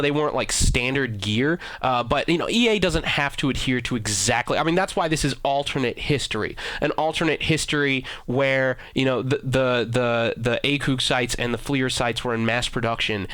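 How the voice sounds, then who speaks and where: A man hosting a gaming channel, giving sarcastic commentary over another video in a deadpan, mock-arrogant way. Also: medium pitch, dry recording. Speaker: gaming YouTuber host.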